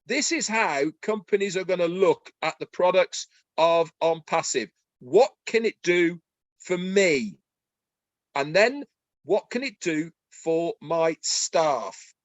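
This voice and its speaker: A man with a high, bright voice, talking with eager excitement as he co-hosts a webinar. He speaks in a folksy way and keeps asking rhetorical questions. The sound is close and dry, with no room around it. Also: takes it slowly, dry recording. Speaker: webinar co-host. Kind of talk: enthusiastic promotional webinar talk.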